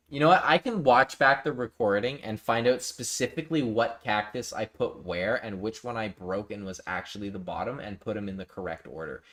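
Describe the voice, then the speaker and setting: This man streams a building game live and talks casually with viewers, reading chat out loud and cracking jokes. His voice sits fairly low and has a slightly bright quality.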